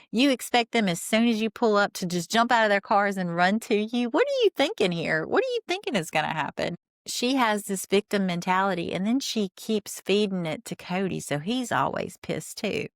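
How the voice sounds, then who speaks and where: A woman's voice: mid-range voice, no echo, studio quality. A woman podcast host recapping a reality show in casual commentary, blunt and exasperated, swearing freely.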